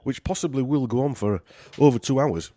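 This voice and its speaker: A man's voice: mid-range voice, fairly quick, mellow. A man with a Yorkshire accent hosting a casual podcast chat, rambling and joking with lots of fillers. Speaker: podcast host.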